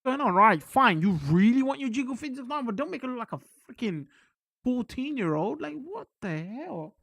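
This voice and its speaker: A British man chatting casually on a live stream, rambling and excitable, swearing freely as he talks to his chat. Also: extremely high pitch, normal speed, gravelly, dry recording, studio quality.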